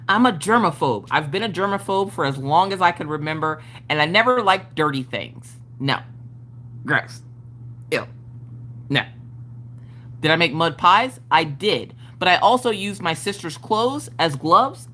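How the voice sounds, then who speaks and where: With a lowish, fairly bright voice and slight noise in the background, a woman hosting a craft live stream spins a casual, exaggerated story. She curses freely and performs her family members' voices.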